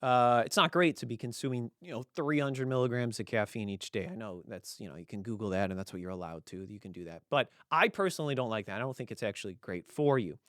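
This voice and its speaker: Smooth-voiced joking male podcast host. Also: medium pitch, fast, few pauses, no echo, studio quality. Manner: rambling, joking, deadpan sarcasm. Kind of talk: casual comedic monologue.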